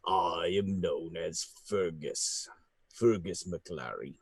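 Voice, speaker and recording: A man voicing a small, contemptuous male leprechaun guardian in a tabletop game, with a deep rumbling voice and curt, clipped replies. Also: slow, creaky, husky, full character voice. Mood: gruff.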